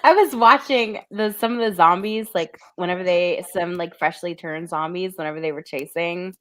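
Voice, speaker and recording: A woman's voice: lowish voice, moderate pace, a bit bright. Rambling giggly woman podcast co-host. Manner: rambling, giggly, filler-heavy. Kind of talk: casual chat.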